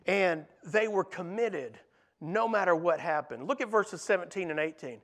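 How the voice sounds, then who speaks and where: A man's voice: sits high, lively intonation, normal speed. A man preaching a sermon in an earnest way, asking his listeners rhetorical questions.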